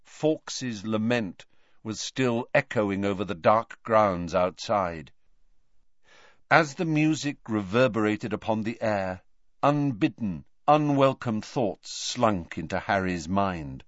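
Expressive male audiobook narrator. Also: on the low side, slow, dry recording, highs cut off. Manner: expressive, varied delivery. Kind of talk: scripted narration.

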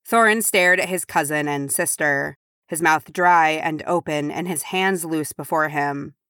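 Low-voiced woman narrating slowly. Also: a bit bright, clear, resonant tone, no echo, clean studio sound. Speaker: audiobook narrator. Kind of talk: fan audiobook reading.

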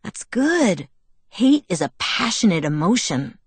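A woman's voice: mid-range voice, big pitch swings, a little slow, slightly rough, no echo, heavily acted. Woman reading a cocky teenage boy. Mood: teasing. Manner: easygoing, teasing, earnest. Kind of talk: audiobook dialogue.

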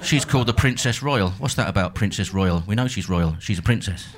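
A middle-aged man works a comedy club crowd in a slightly low voice, deadpan and mock-grand by turns. The set is recorded live from a handheld stage mic. Clear audience noise sits under every line. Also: brisk. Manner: dry, mock-pompous delivery with bursts of mock outrage. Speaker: stand-up comedian.

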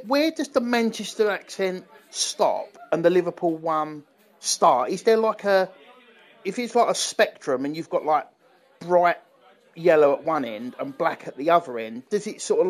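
Rambling podcast guy, voice a bit high. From England. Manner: rambling, many restarts and fillers. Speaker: podcast co-host. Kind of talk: casual chat. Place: London.

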